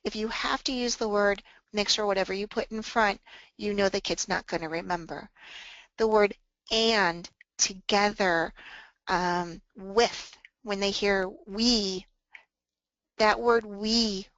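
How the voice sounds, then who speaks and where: A woman presenting a workshop on tutoring, talking calmly and earnestly and acting out phrases to say to students. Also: mid-range voice, slow pace, dry recording, dull audio. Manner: calm, earnest, acts out example phrases to students. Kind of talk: workshop talk.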